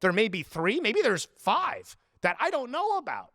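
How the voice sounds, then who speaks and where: A man's voice: very high voice, normal speed, no echo, studio quality. A man in his twenties hosting a podcast, ranting profanely and acting out little quoted scenes. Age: 20s. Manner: profane, animated storytelling with put-on quotes. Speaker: podcast host. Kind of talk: casual podcast rant.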